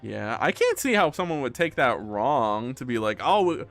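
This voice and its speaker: A young man casually chatting on a live stream while playing a game, animated and quick to laugh. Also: medium pitch, no room sound, soft background music. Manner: animated, laughs often, breaks into loud outbursts. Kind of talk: casual live-stream chat, reading game lines aloud.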